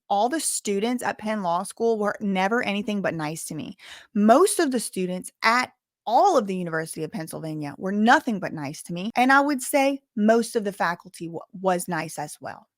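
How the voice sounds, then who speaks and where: A woman YouTuber with a softened Southern accent, telling her story to camera in a candid, emphatic way and repeating words for stress. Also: mid-range voice, no room sound, studio quality. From US South, bayou country.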